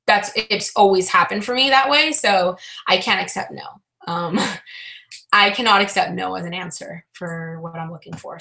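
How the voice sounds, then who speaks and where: Bright-voiced woman chatting on a live stream. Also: mid-range voice. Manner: rambling, frank, many fillers and restarts. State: low-spirited, frustrated. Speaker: reseller vlogger answering live chat. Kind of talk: casual live-stream chat.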